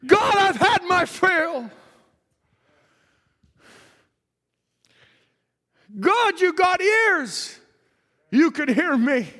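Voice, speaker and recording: A man's voice: high voice, normal speed, gravelly, voice pushed down. Figure: a preacher acting out a desperate man hollering prayers. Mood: desperate pleading. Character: anguished praying middle-aged man, desperate.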